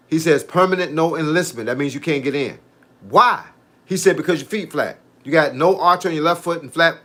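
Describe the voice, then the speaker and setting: Man, 50s, fitness coach, casual livestream chat, animated storyteller, slightly high voice. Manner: animated, storytelling, reading out viewer comments.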